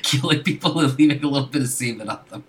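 A man co-hosting a podcast in casual chat, tossing in quick wry asides and laughing often. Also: mid-range voice, heavy background noise. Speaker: podcast co-host.

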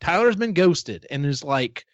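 A man's voice: a little high, sing-song, unhurried, dry recording. A man hosting a podcast, casually retelling a book plot in a rambling way, swearing freely. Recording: dull, dry lo-fi sound.

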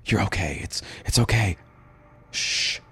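A man voicing a kind male coworker who urgently soothes and calms a distraught colleague. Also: lowish voice, unhurried, a little hiss or hum, voice pushed up. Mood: soothing. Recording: reading with music underneath.

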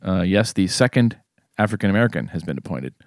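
A man with a lowish voice reads out his own sardonic commentary, wry and a little tipsy. The sound is dry and close, with no room around it. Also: animated, fast talker, dry recording. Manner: wry, sardonic delivery with throat clearing. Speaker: podcast co-host. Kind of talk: casual chat and read-aloud commentary segment.

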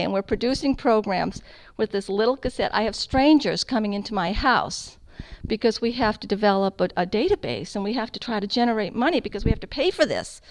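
A middle-aged woman telling her testimony to an audience, an animated storyteller with self-deprecating humor. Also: on the high side. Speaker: founder of a Catholic radio ministry, giving testimony. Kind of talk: personal testimony talk to an audience.

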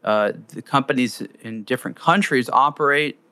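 A man hosting a conversation, his voice bright and smooth. He builds his question in a measured, articulate way, and the recording is dry and close. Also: medium pitch, no echo. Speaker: host, interviewer. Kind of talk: conversational interview.

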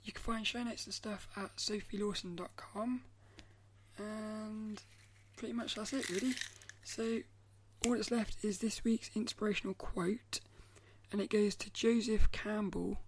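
A woman hosting a solo podcast, talking in a thoughtful, musing way and often trailing off into soft, near-whispered asides. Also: medium pitch, fairly even intonation, measured pace, slight background noise. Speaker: podcast host. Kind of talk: reflective solo podcast talk.

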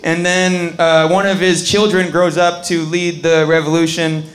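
A man improvising a rambling comedy screenplay pitch on a bar stage, laughing as he goes. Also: flat delivery, a little slow. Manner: rambling, laughing, acts out voices.

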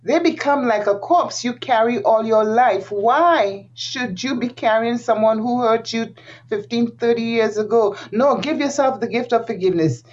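A woman's voice: a little high, moderate pace. Earnest woman guest on slightly dull audio. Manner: earnest, emphatic, repeats key phrases, laughs often. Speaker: interview guest. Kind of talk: conversational interview.

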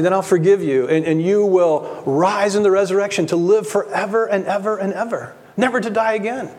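A man with a high voice preaches a sermon in earnest, often repeating words as he builds a point and then dropping his voice low for weight. The sound carries the long ringing reverb of a large church hall. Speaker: pastor.

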